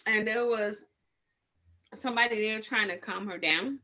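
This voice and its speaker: A woman's voice: mid-range voice, a little slow, bright, forceful tone. A woman teaching community medics informally, rambling and correcting herself as she tells stories from the street in casual slang. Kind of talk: informal training talk with personal stories.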